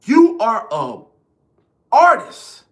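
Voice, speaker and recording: A man's voice: extremely high pitch, huge pitch swings, drawn-out words, fairly bright tone. A man ranting in casual, profane, emphatic commentary straight to his viewers. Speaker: online commentator.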